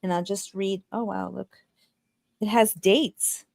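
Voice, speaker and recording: Woman podcast host, chatty and offhand, mid-pitched voice, dry close sound. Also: fairly even intonation, slow pace, creaky, a little mellow, no echo. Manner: chatty, loose, with frequent restarts and swearing. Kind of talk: casual interview chat.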